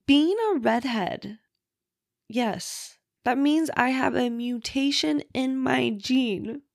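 A woman's voice: high voice, takes it slowly, vocal fry, no room sound, studio quality. A woman hosting her own podcast, talking casually and candidly, with the odd swear word, from bed at home. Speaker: podcast host. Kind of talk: casual solo podcast chat.

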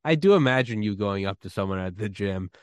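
A man hosting a podcast, dropping in short, relaxed, profane reactions and plugging his guests' books. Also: lowish voice, fairly quick, clean tone, no room sound, clean studio sound. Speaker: podcast host. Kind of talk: casual chat.

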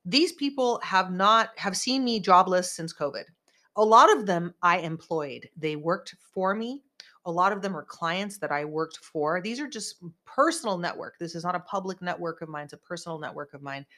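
A woman's voice: on the low side, normal speed, bright, forceful tone. A woman hosting a podcast in casual chat, rambling and emphatic as she vents. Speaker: podcast host.

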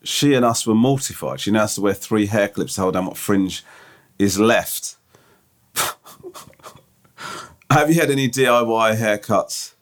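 Low-voiced man telling self-mocking stories. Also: expressive. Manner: self-mocking storyteller, halting restarts, reads emails aloud. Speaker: podcast co-host. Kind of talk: casual chat.

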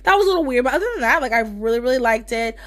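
A woman's voice: on the high side, expressive, racing, no room sound. A young woman co-hosting a podcast, gushing in casual chat with lots of fillers. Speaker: podcast co-host.

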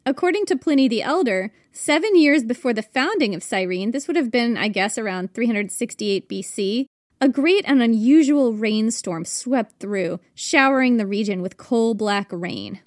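High-voiced woman podcast host, playful. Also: animated, moderate pace, dry recording, clean studio sound. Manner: playful, chatty, thinks aloud. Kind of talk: casual history storytelling.

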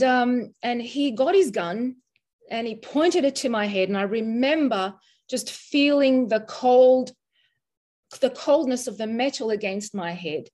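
Woman in her sixties, from Australia, slightly high voice, earnest, emotional, halting, personal interview story. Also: darkish tone. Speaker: mental health first aid teacher.

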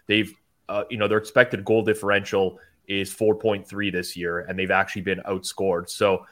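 A man hosting a sports betting show, giving measured, stat-heavy analysis with stammered starts. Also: low-pitched, little pitch movement, a bit bright.

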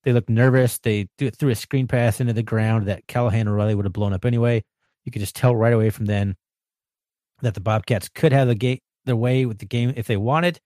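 A man's voice: mid-range voice, steady tone, a little fast, mellow, no echo, studio quality. A man hosting a sports podcast, recapping a football game in a chatty way, rattling off stats with fillers.

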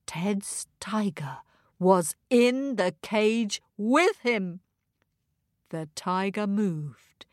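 A woman narrating a children's story expressively and gently, speaking to young listeners. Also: mid-range voice, very animated, drawn-out words, no room sound, clean studio sound.

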